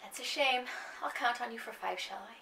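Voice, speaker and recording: A woman reading as a calm, menacing businessman. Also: fairly high pitch, a little fast, creaky, recorded from a distance, background noise. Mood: coolly polite. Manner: polite, cool and threatening.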